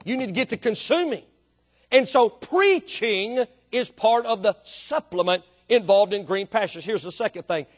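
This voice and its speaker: A man preaching a sermon, emphatic, swinging from quiet explanation to loud drawn-out emphasis. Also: sits high. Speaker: pastor.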